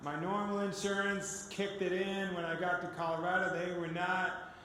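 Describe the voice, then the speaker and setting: A man gives his personal testimony as a guest speaker, telling it as an animated story and acting out the dialogue. His voice sits high and bright. The recording rings with long reverb from a large hall, with a faint hiss behind it. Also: moderate pace.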